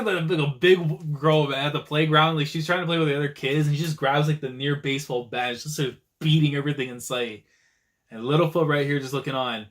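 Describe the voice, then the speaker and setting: Male reaction host, fairly high voice, slangy and excitable, for casual live commentary on a manga chapter. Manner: excitable and slangy, with frequent exclamations.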